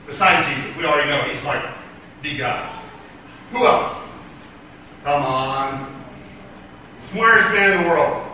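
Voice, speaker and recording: A man telling a story and quizzing children in a lively, questioning way as their church teacher. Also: on the high side, a little hiss or hum. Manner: lively and questioning, acts out the characters. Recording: echoey hall, mic far off.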